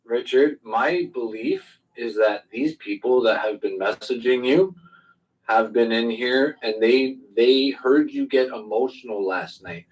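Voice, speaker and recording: A man in an online voice chat, calmly consoling and reassuring another participant. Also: mid-range voice, distant mic, low-quality recording. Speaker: Twitter space participant. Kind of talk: group voice chat.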